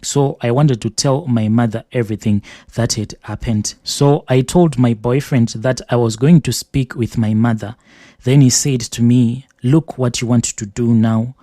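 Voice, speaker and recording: Male host, reads listener confessions aloud, steady and measured, warm tone, dry sound. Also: medium pitch, dry recording. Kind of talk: reading a letter aloud.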